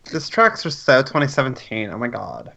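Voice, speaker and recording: A man joking on a group call in a camp, sassy way, leaping up in pitch for effect. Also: sing-song, normal speed, vocal fry, sharp tone, dull audio. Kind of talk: casual group chat on a call.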